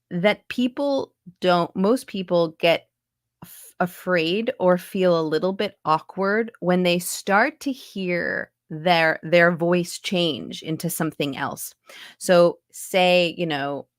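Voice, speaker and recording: Lowish woman's voice, chatty voice coach on a video call, dead dry room. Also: slow, no room sound. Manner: chatty, explains with lots of asides. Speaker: accent and dialect coach, voice actor. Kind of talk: casual interview chat. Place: home recording booth.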